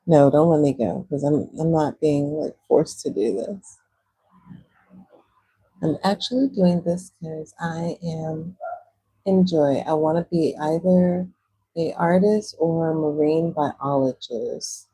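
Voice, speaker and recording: A woman's voice: sits low, unhurried, mellow, breathy edge, no echo, rough recording. A woman from Texas with a Texan accent, chatting casually with viewers on a livestream and laughing often. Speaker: livestream host. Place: Puerto Rico.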